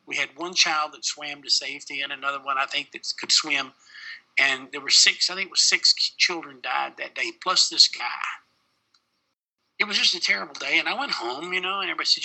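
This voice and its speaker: A man's voice: on the high side, a little fast, sharp tone, rough recording. A middle-aged man, a paramedic, telling a personal story in an interview, plain-spoken with many fillers.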